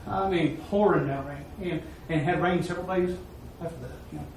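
A man's voice: on the high side, brisk. A man preaching, telling a mission story in a folksy, repetitive way with emphatic peaks. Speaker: preacher giving a mission report. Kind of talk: sermon storytelling. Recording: echoey hall, far-off mic, faint noise.

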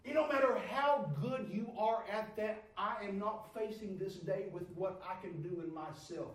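A high-voiced man preaches in an echoey church, heard from a distance. He shifts from loud, pleading prayer into low, quiet talk. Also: moderate pace. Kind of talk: sermon.

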